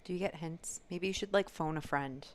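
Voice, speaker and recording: A woman's voice: on the low side, moderate pace. A woman co-hosting a casual podcast, laid-back, giving dry, short replies. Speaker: podcast co-host. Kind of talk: casual chat.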